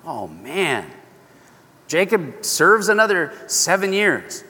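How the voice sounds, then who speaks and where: Animated, folksy preacher in a hall. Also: male voice, sits high, slow. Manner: animated, folksy, self-interrupting. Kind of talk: sermon storytelling. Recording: long echo of a large hall.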